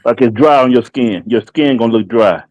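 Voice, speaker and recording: A man's voice: medium pitch, normal speed, darkish tone, no room sound, poor audio. A man in casual, profane podcast banter, teasing his friends.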